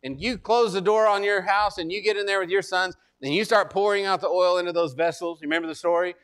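A man's voice: sits high, fairly even intonation, fast, a bit bright, clear, resonant tone. A male pastor preaching a conversational sermon, often repeating words and asking listeners whether they remember. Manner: conversational, repeats words, asks congregation to recall.

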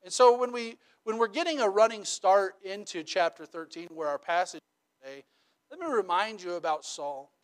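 His voice is high, clear and resonant, and he talks at an ordinary speed. The pastor's sermon feels like a conversation, peppered with rhetorical "right?" check-ins and animated stories full of humor.

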